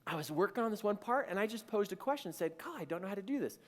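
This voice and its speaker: A man voicing his excited, earnest wife in a raised, breathless pitch while telling a story. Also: rapid-fire. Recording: echoey hall.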